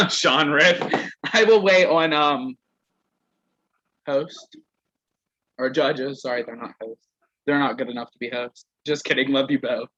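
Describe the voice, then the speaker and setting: A man's voice: mid-range voice, a little slow, long pauses, pushed and bright, dull audio. A young man casually reading roasts aloud to a group on a call, stumbling over words and laughing.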